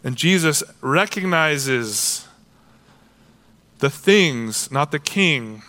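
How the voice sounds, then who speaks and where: A man preaches with a bright, forceful voice that sits a little high. He keeps his delivery casual and animated, slipping into quoted voices as he talks. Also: extremely slow. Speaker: pastor. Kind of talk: sermon.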